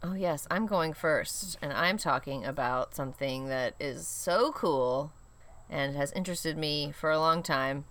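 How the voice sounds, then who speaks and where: A woman's voice: deep voice, unhurried, fairly bright tone. A woman co-hosting a podcast in a casual chat, playful and giggly, often teasing herself. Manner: playful, giggly, self-mocking. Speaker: podcast co-host.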